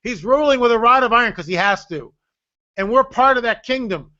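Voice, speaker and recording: An older man tells a story in a high, animated voice, acting out every line of dialogue and throwing in sarcastic jokes. His voice comes through a dull, lo-fi stream. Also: a little fast. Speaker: guest author.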